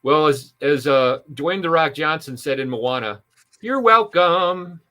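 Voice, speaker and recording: A man's voice: mid-range voice, normal speed, a bit bright. A man, a sales trainer on a podcast interview, giving punchy, emphatic advice with asides.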